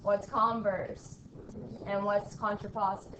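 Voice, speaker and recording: A woman's voice: mid-range voice, little pitch movement, measured pace. A woman teacher leading a math lesson in a classroom, drilling her students with call-and-response and a frequent "okay?". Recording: echoey room from far off, faint background noise.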